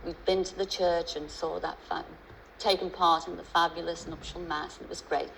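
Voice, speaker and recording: A woman's voice: lowish voice, fairly even intonation, normal speed, gravelly, fairly bright tone, a little hiss or hum, rough recording. A middle-aged woman with a Liverpool accent, a chat-show guest who talks in a chatty, storytelling way with many restarts and asides.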